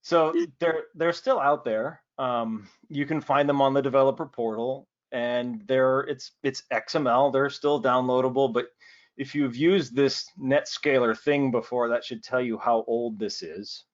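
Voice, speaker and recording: An easygoing man talks through a technical demo in a relaxed, joking way, checking in with a quick "right?" as he goes. His voice sits mid-range and plain. The video call audio is muffled and dull. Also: mid-range voice. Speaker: presenter.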